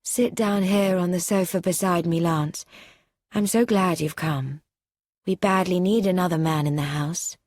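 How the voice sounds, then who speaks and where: A soft-voiced, passionate young stepmother, acted by a woman narrator. Her voice is soft and lifted, and it breaks into passionate cries. The recording is dry and close. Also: fairly low pitch, fairly even intonation, a little slow, no echo. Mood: soft, coaxing.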